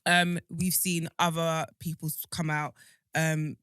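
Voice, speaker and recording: Bright-voiced, emphatic woman. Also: low voice, little pitch movement, a little slow, smooth. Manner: emphatic, indignant, many restarts. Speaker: podcast co-host. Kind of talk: casual chat.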